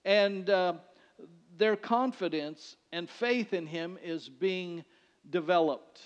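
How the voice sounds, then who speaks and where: A male pastor preaching a sermon in a conversational way, swinging between loud declarations and hushed lines. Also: high-pitched, takes it slowly, clean tone. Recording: dull sound with long hall reverb.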